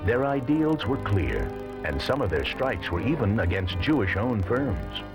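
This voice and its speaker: A man reading scripted documentary narration in a measured, even way. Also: lowish voice, poor audio. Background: music.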